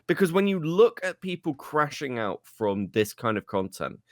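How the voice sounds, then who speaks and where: A man's voice: fairly high pitch, very animated, normal speed, dry recording, studio quality. A man co-hosting a podcast, arguing his points emphatically and often repeating himself. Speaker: podcast co-host. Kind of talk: casual podcast chat.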